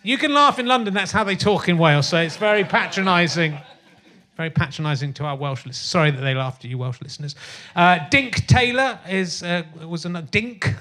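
On a theatre stage, a middle-aged comedy podcast host talks brisk and expressive in a high, sharp-toned voice. The live chat has a stand-up feel: rambling, sardonic, full of fillers and crude asides.

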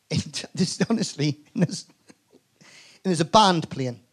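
Geordie comic, male, higher voice, lively raconteur who trips over his words. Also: slow pace, husky. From north-east England. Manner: animated storyteller, frequent stammered restarts, swears. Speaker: comedian guest. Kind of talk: live podcast chat. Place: comedy club stage.

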